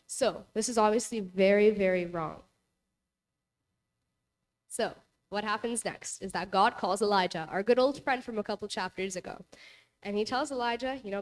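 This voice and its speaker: A woman's voice: medium pitch, moderate pace. A young woman presenting a casual Bible lesson to a youth group in a church hall, retelling the story in a chatty way full of "like" and "you know".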